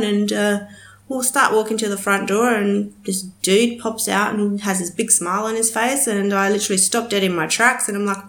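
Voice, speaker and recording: A woman's voice: medium pitch, normal speed, a bit bright. Chatty woman in a roomy echo. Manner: rambling, swears freely, many fillers. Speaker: podcast host. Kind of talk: casual solo podcast chat.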